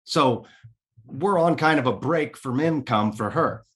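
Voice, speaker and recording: A middle-aged man from the Kansas City area speaks as a guest in a casual interview. His voice sits at a medium pitch, and he tells his own story with animated energy, swearing freely and acting out his own thoughts as he goes. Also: measured pace.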